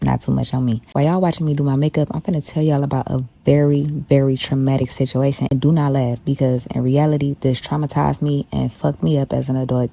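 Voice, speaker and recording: Young woman, deep gravelly voice, blunt profane storyteller, casual vlog. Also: mellow. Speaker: beauty vlogger.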